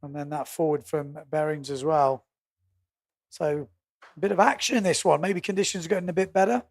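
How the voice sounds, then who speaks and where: A man's voice: on the high side, steady tone, dry recording, studio quality. A man with an English accent doing live windsurfing commentary, joking and laughing easily between calls. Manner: jokey, laughs easily, quick asides. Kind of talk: live sports commentary and banter.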